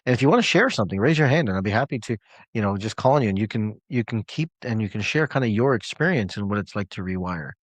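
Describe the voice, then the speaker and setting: A man's voice: fairly low pitch, expressive, quick pace, no echo. A man coaching clients on a live call, telling a story in an emphatic, conversational way.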